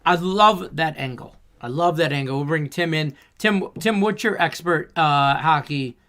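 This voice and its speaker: Bright-voiced sports betting show host. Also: male voice, on the high side, normal speed. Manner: upbeat, reads chat messages aloud. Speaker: podcast host. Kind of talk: casual sports betting chat.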